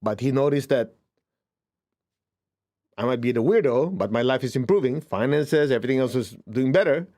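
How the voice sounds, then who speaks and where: A man teaching spirituality in a conversational way, checking in with his listeners often and jumping up in pitch for emphasis. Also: moderate pace, long pauses. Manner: lively, swings up in pitch for emphasis. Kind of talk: informal spiritual talk.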